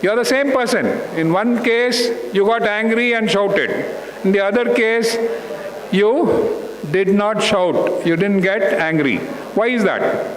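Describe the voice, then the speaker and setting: A man's voice: sits high, takes it slowly. Man lecturing students in an echoey hall. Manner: asks the audience questions again and again. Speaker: guest speaker at a school talk. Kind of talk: interactive talk to students. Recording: echoey hall with faint hum.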